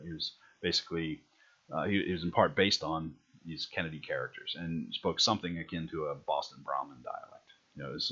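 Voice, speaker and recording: A man's voice: a bass voice, sharp tone, husky. A male lecturer talking through slides in a loose, rambling way, full of fillers and restarts. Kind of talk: recorded classroom lecture. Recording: dull lo-fi lecture recording.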